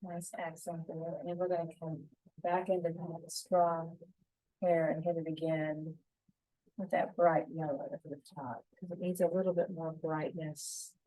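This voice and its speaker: Calm woman talking through a painting lesson. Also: low-pitched, moderate pace, no room sound, rough recording. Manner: calm, gentle, talks through each brushstroke. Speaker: painting instructor. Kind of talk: step-by-step painting tutorial.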